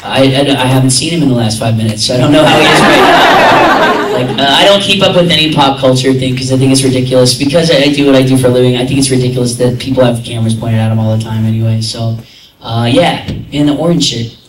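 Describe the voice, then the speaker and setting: A man rambling through stories at a convention panel, piling on filler words as he goes. His voice is mid-pitched and picked up from a distance in an echoey hall. Faint room noise sits under it. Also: animated, fast talker, a faint crowd. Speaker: convention guest voice actor. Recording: echoey hall, recorded from afar.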